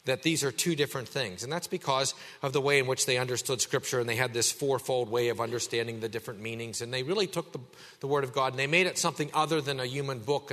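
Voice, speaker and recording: A man's voice: mid-range voice, fairly bright tone, long reverb tail. A male pastor delivering a sermon, explaining scripture in an earnest teaching tone that builds to emphatic points.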